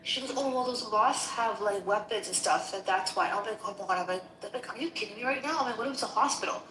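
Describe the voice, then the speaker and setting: A woman in casual, heated conversation, animated and indignant, acting out both sides of a quarrel she is retelling. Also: mid-range voice, quick pace. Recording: echoey room with faint noise.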